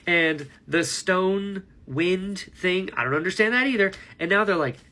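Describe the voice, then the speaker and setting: Animated man gushing about a book. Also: high voice, unhurried. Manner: rambling, enthusiastic, laughs at himself. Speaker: book vlogger. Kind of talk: casual book reaction vlog.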